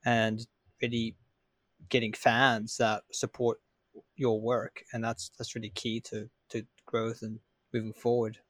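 A male podcast co-host gives his views in a measured, matter-of-fact way. His pitch stays quite flat and even. The sound is dry and close. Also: no room sound. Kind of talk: casual podcast discussion.

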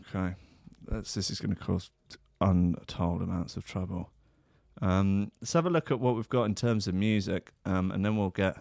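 Lively, sweary man. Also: fairly low pitch, normal speed, vocal fry, no echo, studio quality. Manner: animated, sweary, slips into voices and shouts. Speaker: podcast host. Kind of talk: comedic monologue.

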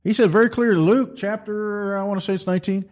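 A man's voice: high voice, steady tone, fast, darkish tone. A middle-aged man delivering an impassioned, preaching monologue as a Christian commentator, emphatic and full of rhetorical questions.

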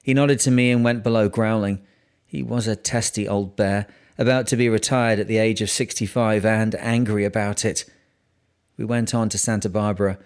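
Low-voiced man reading a sea memoir. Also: fairly even intonation, normal speed, clear, resonant tone. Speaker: audiobook narrator.

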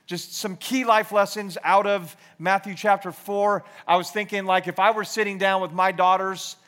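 Guy in his 40s giving a chatty sermon, kinda high voice, lots of ums and restarts, pokes fun at himself. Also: level tone, normal speed, fairly bright tone. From Georgia, US. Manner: rambling, self-deprecating, many fillers and restarts. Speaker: youth ministry speaker. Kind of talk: casual sermon with storytelling.

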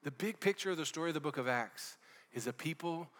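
A man's voice: fairly high pitch, lively intonation, quick pace, a bit bright, big-room sound. A man preaching a sermon as pastor, fervent and conversational, dropping casual slang as he talks.

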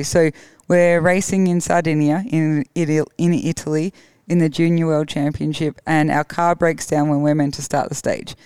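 An Australian woman, a rally co-driver guest, telling lively stories, acting out other people's lines and laughing often. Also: low voice, clear, resonant tone, no room sound. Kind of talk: animated storytelling.

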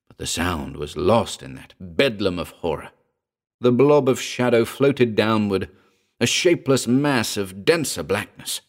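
A man narrating a first-person horror story in a slow, grave, measured delivery. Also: low voice. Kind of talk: dramatic horror story reading.

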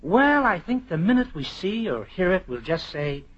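An earnest, breathy young father. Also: sits high, very animated, normal speed, exaggerated voice. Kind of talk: 1950s radio sitcom acting. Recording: dull 1950s radio broadcast.

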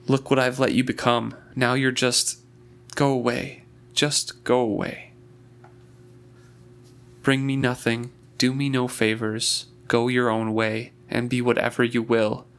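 A man reading aloud voices a gruff, bitter older stablemaster who speaks in blunt, clipped reproach. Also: mid-range voice, flat delivery, measured pace, lightly acted. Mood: cold.

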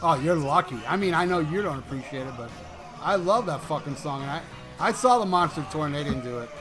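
A man with a bright, tense voice set fairly high, chatting casually. He talks enthusiastically and swears readily, with faint music in the background. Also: expressive, fairly quick. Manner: enthusiastic, profane. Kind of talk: casual chat.

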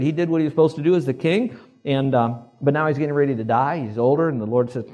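A man's voice: mid-range voice, fast, dark tone, highs cut off. A man preaching a sermon in a conversational way, asking his listeners to repeat words back and checking that they follow. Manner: conversational preaching with audience call-and-response. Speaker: pastor.

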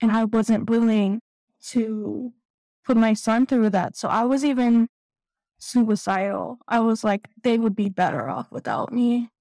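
Woman, 30s, raw personal testimony; mellow, slightly high voice, on the verge of tears, dry recording. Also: no room sound, rough recording. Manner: candid, halting, tearful at times. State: close to tears. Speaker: guest sharing recovery story.

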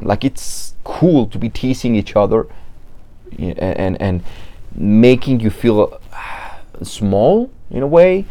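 Mexican-accented man, dark mellow tone. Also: lowish voice. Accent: Mexican Spanish. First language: Spanish. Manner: profane, repetitive restarts, acts out quoted people. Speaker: podcast host. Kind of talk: casual monologue.

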